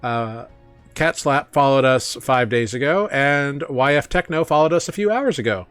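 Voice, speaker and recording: A man running a tabletop game stream as its host, talking in a relaxed, casual way with many fillers. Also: mid-range voice, moderate pace, clear, resonant tone, no echo, soft background music. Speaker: game master.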